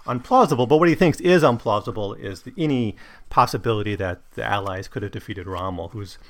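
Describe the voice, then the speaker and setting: A man's voice: on the low side, brisk. A man hosting a chapter-by-chapter book commentary, talking it through loosely, with frequent restarts and fillers. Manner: loose, conversational, with frequent restarts and "you know". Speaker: podcast host discussing a novel.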